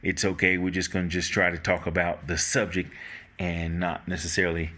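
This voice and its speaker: Low-voiced and brisk, the host of a casual talk show, once a radio voiceover man, rambles loosely. His easygoing chat is full of false starts and restarts.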